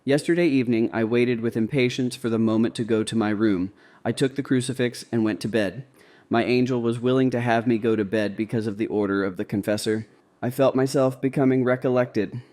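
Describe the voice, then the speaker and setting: Mellow man reading a diary aloud. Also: mid-range voice. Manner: calm, measured first-person reading. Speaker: narrator. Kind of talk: scripted reading of a devotional diary.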